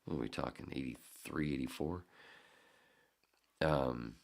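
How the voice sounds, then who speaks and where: A man's voice: rumbling low, measured pace, creaky, a little mellow. A man in his fifties, a podcast host, telling a story in a casual, heated and profane way. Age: 50s.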